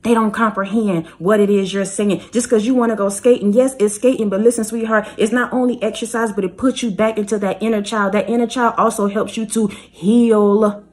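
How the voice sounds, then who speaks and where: A spiritual reader addresses her viewers with passion, repeating her points and pressing them directly to act. Her medium-pitched, darkish voice stays steady, fairly quick, and with few pauses.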